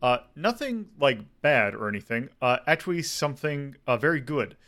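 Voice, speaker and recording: A man's voice: medium pitch, sing-song, normal speed, a bit bright. A man hosting a casual podcast, rambling with lots of fillers and self-corrections. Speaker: podcast host.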